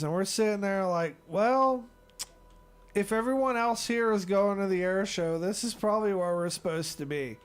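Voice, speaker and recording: High-voiced man ranting a profane story. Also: moderate pace, clear, resonant tone. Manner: profane, animated, exasperated storyteller. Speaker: streamer.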